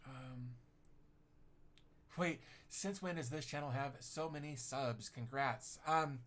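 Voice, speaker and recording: A middle-aged man chatting casually on a tech livestream, reading out viewer comments. He rambles in a self-deprecating way, often restarting his sentences and filling the gaps with "um" and "uh." His voice sits at an ordinary, middle pitch for a man. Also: slow, fairly bright tone. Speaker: tech YouTuber hosting a livestream.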